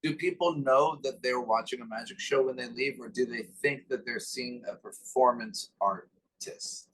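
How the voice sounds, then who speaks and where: A man's voice: mid-range voice, moderate pace, a bit bright, breathy edge, poor audio. A man hosting a casual interview chat, speaking loosely, often searching for words and laughing easily. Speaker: podcast host.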